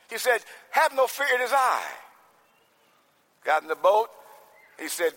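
A man preaching a sermon as pastor, swinging from soft talk to shouting. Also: sits high, very animated, measured pace, pauses often. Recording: long hall reverb.

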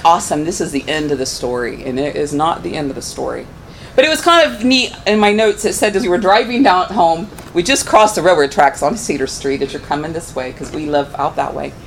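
A middle-aged woman gives a heartfelt church testimony in a fairly low voice that climbs when she is moved. She tells her story plainly and earnestly. A faint low rumble sits under the recording. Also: low-quality recording. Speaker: church member giving testimony.

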